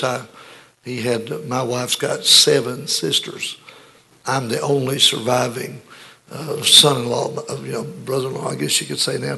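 Gravelly, husky older preacher man. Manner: emotional preaching, swinging between booming and hushed. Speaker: pastor. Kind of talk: sermon.

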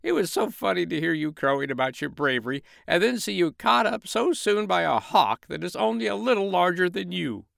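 A man's voice: sits high, big pitch swings, fairly quick, vocal fry, few pauses, a bit bright, dry recording, clean studio sound, voice pushed up, full character voice. A man voicing a small, chirpy male robin in a storybook reading, teasing and scolding. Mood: mocking.

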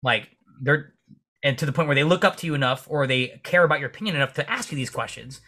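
A man speaking as a police officer and podcast guest. He tells energetic stories in casual interview chat and swears freely. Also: fast talker. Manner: acts out dialogue in comic high voices.

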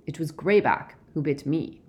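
A woman reading a calm, weary middle-aged werewolf man, measured and gentle in an audiobook. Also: low voice.

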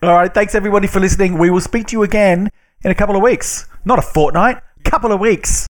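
A man's voice: high voice, fast talker. A man co-hosting a podcast in casual chat, a bit drunk, playful and mock-outraged, laughing often. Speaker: podcast co-host.

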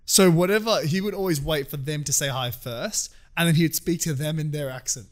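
A man's voice: fairly high pitch, a little fast. A man from Australia in casual chat, telling stories in a rambling way with many asides.

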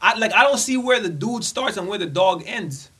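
A man's voice: high voice, lively intonation, moderate pace, sharp tone, breathy edge. A man co-hosting a podcast in casual chat, curious and quizzing his friends with questions. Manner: curious, asks the group questions. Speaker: podcast co-host.

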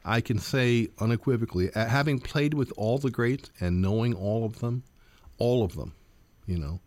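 A man's voice: medium pitch, normal speed, darkish tone, dry recording. A man in his sixties, a jazz guitarist and professor, answering interview questions earnestly, with many fillers and repeats.

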